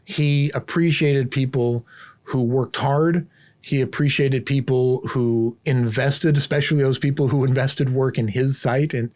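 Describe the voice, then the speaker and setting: Animated male storytelling host. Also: mid-range voice. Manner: animated storyteller acting out his own reactions. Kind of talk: casual storytelling to camera.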